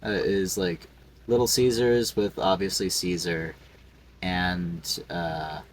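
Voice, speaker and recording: A young man chatting casually on a podcast, joking with quick interjections. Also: low-pitched, steady tone. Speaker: podcast co-host. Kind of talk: casual chat.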